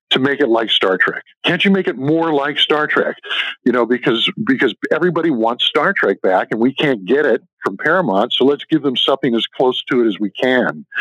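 A man's voice: mid-range voice, fairly bright tone, dry recording. Male author guest, anecdotal storyteller, dry dull lo-fi sound. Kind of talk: interview answers.

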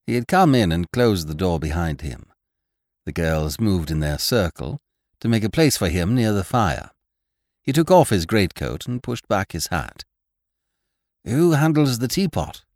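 A man narrating a classic short story in an expressive, theatrical manner. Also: low-pitched, normal speed, no echo, clean studio sound.

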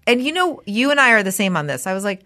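Animated woman podcast host, bright voice. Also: mid-range voice, fast talker. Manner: animated storytelling, acts out quotes, swears freely. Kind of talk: casual chat.

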